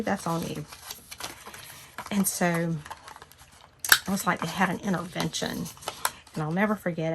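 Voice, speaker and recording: Chatty gravelly woman in her fifties. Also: fairly low pitch, background noise. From Southern United States. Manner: chatty, animated when quoting herself. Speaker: crafting channel host. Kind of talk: casual storytelling chat.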